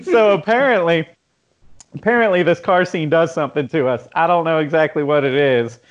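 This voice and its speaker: A man's voice: on the high side, a little fast, dull audio. A man co-hosting a casual podcast, chatty and full of fillers. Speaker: podcast co-host.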